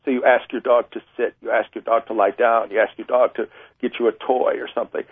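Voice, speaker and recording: Husky man on a tinny phone line. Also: mid-range voice, level tone, quick pace, dry recording. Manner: chatty, self-deprecating, acts out little scenes. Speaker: dog trainer and author guest. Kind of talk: explaining with everyday examples.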